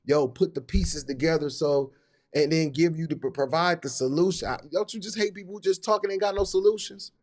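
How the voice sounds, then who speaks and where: A man's voice: on the high side, fairly quick, darkish tone. A man hosting a live business stream, talking in a hyped, repetitive way with casual slang. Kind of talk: motivational live talk.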